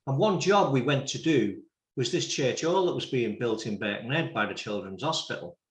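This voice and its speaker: A Liverpool man hosts a talk show as a reverend, recounting memories in an easygoing way. His voice sits at a middle pitch. The room around him echoes noticeably. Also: expressive, normal speed. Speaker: host, reverend. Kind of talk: casual chat. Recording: roomy echo.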